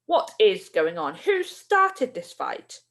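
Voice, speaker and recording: A woman voicing a strict female primary teacher who shouts in outrage at two pupils. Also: mid-range voice, very animated, measured pace. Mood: enraged.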